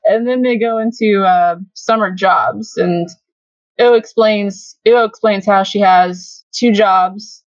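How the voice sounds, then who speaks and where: A woman's voice: mid-range voice, steady tone, slow pace, dry recording, dull audio. Giggly young woman hosting a podcast. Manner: giggly, chatty, lots of fillers. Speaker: podcast host. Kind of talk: casual fan podcast chat.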